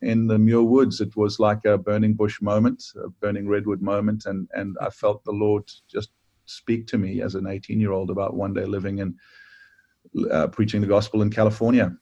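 A man in his fifties with a South African accent, a pastor telling stories in a relaxed way with many fillers during a casual podcast interview. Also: fairly low pitch, normal speed. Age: 50s. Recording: dull lo-fi sound.

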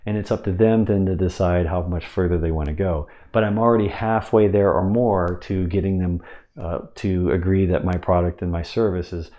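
A man's voice: sits low, fairly even intonation, normal speed, dark tone. A man coaching on sales technique in a casual teaching monologue, talking conversationally with frequent restarts and asides of "right?".

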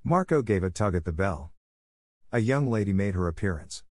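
A man giving a steady, measured storybook narration. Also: on the low side, dry recording, clean studio sound. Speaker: audiobook narrator.

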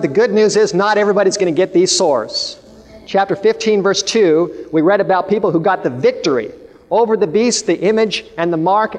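Man, sermon, high-pitched, emphatic, long hall reverb. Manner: storytelling, emphatic and declamatory. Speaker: preacher.

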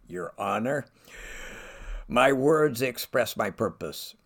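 A man's voice: mid-range voice, animated, takes it slowly, voice pushed up. A man reading aloud the lines of a defiant young woman, raising his voice against a corrupt official. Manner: shouting defiance.

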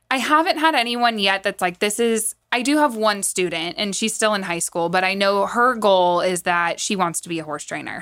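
A woman guest chatting about her work in a relaxed, conversational way. She talks in loose, looping sentences full of fillers and restarts, with an ordinary mid-range voice. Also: mid-range voice. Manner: chatty, lots of likes and restarts. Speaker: guest, horse trainer. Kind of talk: casual podcast conversation.

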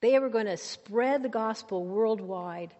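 A woman preaching a sermon to a congregation, emphatic and conversational, rising to high exclamations. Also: measured pace, mellow, lo-fi sound. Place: church. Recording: long hall reverb.

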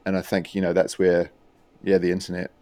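A man's voice: low-pitched, a little fast, dry recording. A New Zealand man, a music producer and DJ, chatting casually as a podcast guest, rambling with lots of fillers. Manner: relaxed, rambling with many fillers.

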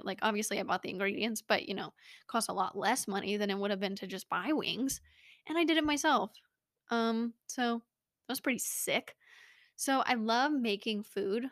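A young woman hosts a casual podcast, her voice a touch higher than most. She rambles, jokes at her own expense and chats easily. The sound is close and dry, with no room in it. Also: moderate pace, a bit bright, no room sound. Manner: rambling, self-mocking, bubbly. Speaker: podcast host. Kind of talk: casual chat. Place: small home studio.

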